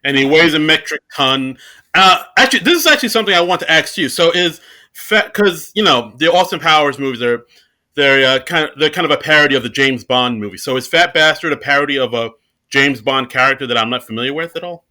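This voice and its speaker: Sharp-toned man joking on a podcast. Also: on the high side, animated. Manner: playful, quick jokey replies. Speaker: podcast co-host. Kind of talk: casual podcast chat.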